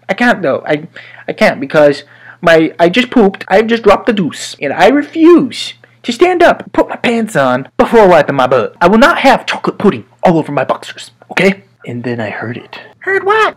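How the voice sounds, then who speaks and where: Animated young man telling a comic story. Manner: animated, swings between low mutters and high squeals. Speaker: comedy storyteller.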